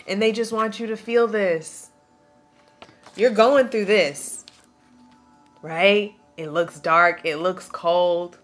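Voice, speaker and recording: A woman gives a spiritual tarot reading in a fairly low voice, preaching with emphatic, slangy energy. She reads passages aloud from a card book and sounds tearful. Faint music plays behind her. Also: a bit bright. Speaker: tarot reader.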